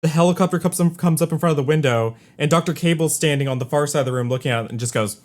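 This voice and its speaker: A man's voice: on the high side, fast. A man co-hosting a podcast, recapping a movie's plot in laid-back, casual chat. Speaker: podcast co-host.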